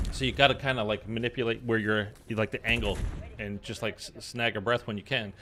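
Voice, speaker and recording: A man telling a personal story in casual chat, rambling with many fillers and loudly acting out quoted lines. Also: on the low side, fairly even intonation, moderate pace, slight background noise. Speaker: streamer. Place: in Los Angeles.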